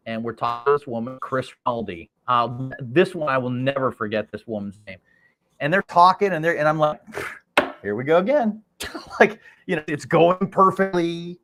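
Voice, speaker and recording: As a podcast guest, a medium-pitched man tells an animated anecdote, excited and laughing as he acts out the voices of the people involved.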